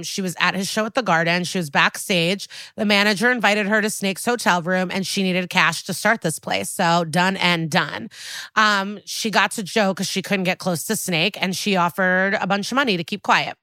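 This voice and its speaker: A woman co-hosting a podcast, casually recapping a TV episode and quoting characters in lively bursts. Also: mid-range voice, moderate pace, no echo, studio quality. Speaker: podcast co-host.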